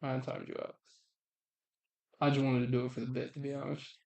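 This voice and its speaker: A man's voice: medium pitch, little pitch movement, fairly quick, gravelly, a little mellow. A man hosting a live stream, chatting casually in a profane, blunt way and laughing often.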